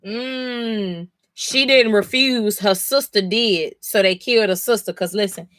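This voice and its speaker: A woman's voice: medium pitch, measured pace, a bit bright, dry recording, clean studio sound. A woman reading comics live on stream, reacting emphatically, swearing and talking straight to her chat.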